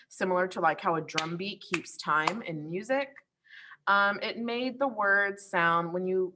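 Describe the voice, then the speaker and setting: A woman's voice: lowish voice, pushed and bright. A woman teacher recording an online lesson walkthrough while sharing her screen, explaining step by step in a friendly way with frequent ums and likes.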